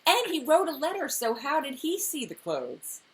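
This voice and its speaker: A woman co-hosting a casual recap chat, animated, often exclaiming and acting out scenes. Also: sits high, moderate pace. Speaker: podcast co-host.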